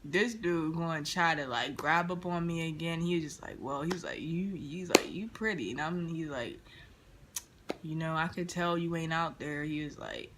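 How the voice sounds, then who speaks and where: A young woman in a casual storytime vlog, retelling an encounter with lively slang and quoted dialogue. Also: low-pitched, moderate pace, noisy background. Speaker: vlogger. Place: indoors near a street, car noise outside.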